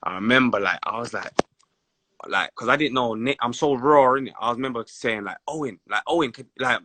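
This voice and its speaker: Young man, London accent, bright forceful tone, dry close sound, slangy lively storytelling. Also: medium pitch, brisk, no room sound. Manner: animated storytelling in street slang. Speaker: former footballer, guest. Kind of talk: casual sit-down interview.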